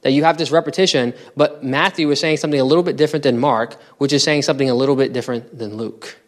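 Man, pastor, sermon, conversational teaching, rhetorical questions, mid-pitched voice. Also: fairly even intonation, fast. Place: church.

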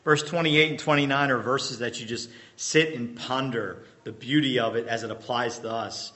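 Bright-voiced male pastor quizzing his congregation. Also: mid-range voice, steady tone. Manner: quizzes the congregation with fill-in-the-blank questions; emphatic bursts and slowed-down repetition. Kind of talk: sermon.

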